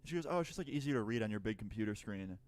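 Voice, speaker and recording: A man's voice: fairly low pitch, expressive, racing, a little mellow. A man telling a personal story in a chatty, profane way, acting out both sides of the dialogue. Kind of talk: casual storytime narration.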